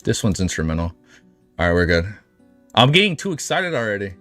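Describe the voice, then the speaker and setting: A man hosting a casual livestream, chatting in an excitable, rambling way and swearing freely. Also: on the low side, fairly quick, no room sound. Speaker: livestream host. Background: faint background music.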